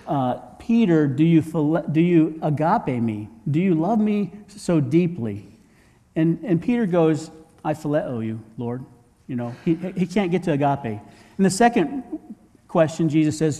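Pastor preaching in a reverberant hall. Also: male voice, a little high, mellow. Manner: conversational preaching, rhetorical questions to the congregation; frequent word repeats and restarts. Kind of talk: sermon.

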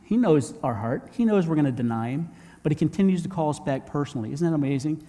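In a large hall, a pastor speaks fast with a mellow, higher-pitched voice and lively intonation. His sermon is conversational, built on rhetorical questions, with frequent word repeats and restarts.

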